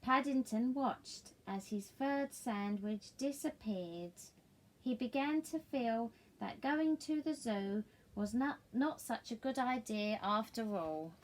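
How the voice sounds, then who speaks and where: A middle-aged woman reading a picture book aloud in a sing-song, gently coaxing way. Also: on the high side, lively intonation, slow pace. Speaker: storyteller.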